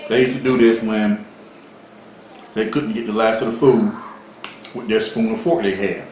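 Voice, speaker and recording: A man's voice: on the low side, steady tone, normal speed, darkish tone. A man co-hosting a casual eating vlog, joking around and boasting through his stories. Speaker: vlog co-host. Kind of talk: casual mukbang chat. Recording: very echoey room, faint background noise.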